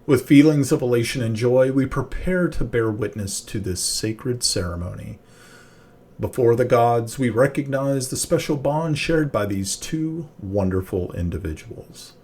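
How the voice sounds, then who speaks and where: A man voicing a young male priest who officiates a wedding in a formal, booming, solemn manner. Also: animated, measured pace, a little mellow.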